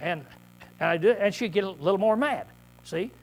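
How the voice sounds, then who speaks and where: A man preaching a conversational Bible-study sermon, often clearing his throat and checking in with "see?" as he repeats and restarts phrases. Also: high-pitched, lively intonation, normal speed. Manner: repetitive, restarts mid-phrase.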